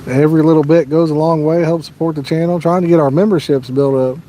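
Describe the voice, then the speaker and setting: A man with a Midwestern American accent hosts a live fishing stream outdoors. He talks in a relaxed, chatty way and answers viewers as he goes. His voice sits a bit high, and there is a faint hiss of outdoor noise behind him. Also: fast. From Midwest USA. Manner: laid-back, chatty, answers viewers' questions. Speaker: fishing livestream host. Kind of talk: casual livestream chat. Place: outdoors by a lake.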